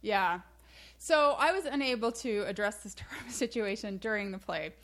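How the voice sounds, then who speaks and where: During a casual podcast chat, a female co-host recounts a story with animated energy and frequent bursts of laughter. She speaks at a moderate pace in a mid-range voice.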